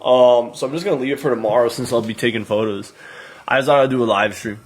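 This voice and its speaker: A man's voice: mid-range voice, fast talker, soft background music. A man in his late twenties chatting casually on a live stream, thanking viewers by name as he goes. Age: 20s.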